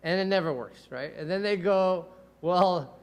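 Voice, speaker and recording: A man telling courtroom stories in a casual chat as a defense attorney and podcast host, animated and profane, acting out quotes. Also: high voice, moderate pace, clear, resonant tone, muffled recording.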